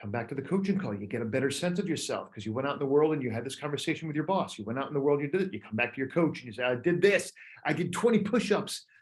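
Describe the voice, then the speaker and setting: A man in his fifties, a coach talking casually to other coaches, telling animated stories and acting out little voices. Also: very fast, hardly any pauses. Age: 50s. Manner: drops to a soft, low voice on key points. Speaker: coach leading a group call. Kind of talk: casual talk to fellow coaches.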